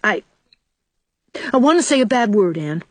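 Little boy, anxious and blunt, read by a woman narrator: quick, high, pleading. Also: sing-song, no room sound.

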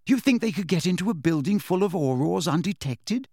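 A man's voice: sits high, lively intonation, fairly quick, dark tone, no room sound, studio quality, pitched above the performer's own voice. Man putting on Hermione, a frightened girl. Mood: anxious, reasoning. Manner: worried, pleading, reasoning. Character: frightened anxious teenage girl, a bookish witch.

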